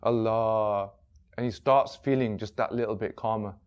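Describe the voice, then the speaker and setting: A man's voice: lowish voice, a little fast, darkish tone. A man telling a story in a loose, conversational way, with many restarts and "he's like" asides. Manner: rambling, full of "he's like" and restarts. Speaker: workshop speaker. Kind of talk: casual spoken storytelling.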